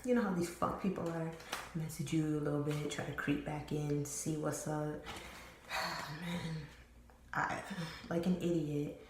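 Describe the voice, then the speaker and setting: A young woman recounts a personal story in a candid, rambling way, heavy on fillers and casual swearing. Her voice sits a little low for a woman. The recording bounces around a very echoey room, with a faint hiss underneath. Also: fairly even intonation, unhurried, pauses often. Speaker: storytime vlogger.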